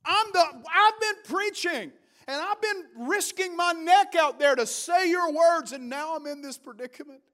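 A male pastor speaking softly and gently as he closes his podcast with an invitation to prayer. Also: measured pace. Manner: soft, low and gentle.

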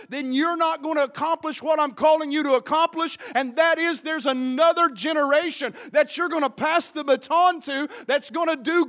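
A male pastor preaching a fervent sermon, calling on the congregation and shouting declarations. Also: extremely high pitch.

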